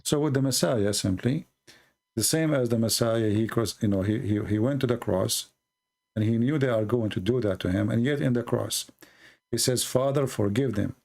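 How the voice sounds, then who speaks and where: Man, gravelly, earnest preacher-style explainer, deliberate pacing. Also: medium pitch, darkish tone. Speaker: Christian apologist answering a caller.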